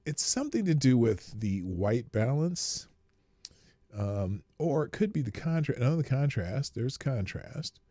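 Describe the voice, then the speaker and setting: A man's voice: mid-range voice, big pitch swings, measured pace, warm tone, no room sound, clean studio sound. A man hosting his own live morning stream, talking casually and rambling, often breaking off mid-sentence and laughing. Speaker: host.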